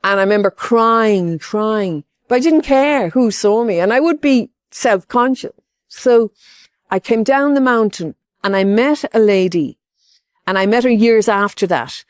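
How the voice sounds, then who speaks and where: A woman's voice: fairly high pitch, animated, a little slow, no room sound, studio quality. An older woman from Ireland giving a personal testimony as a pilgrim, rambling and heartfelt, with many asides.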